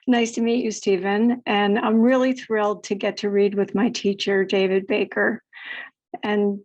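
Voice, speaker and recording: A woman poet on a video call, introducing her poems in a relaxed, unhurried way with frequent fillers. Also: mid-range voice, poor audio. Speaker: poet giving a reading.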